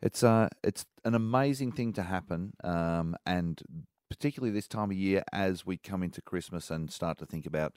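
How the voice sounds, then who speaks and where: Aussie co-host, lowish voice, earnest, dry studio. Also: male voice, moderate pace, darkish tone, clear, resonant tone, dry recording. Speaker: radio breakfast co-host. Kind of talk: casual radio chat.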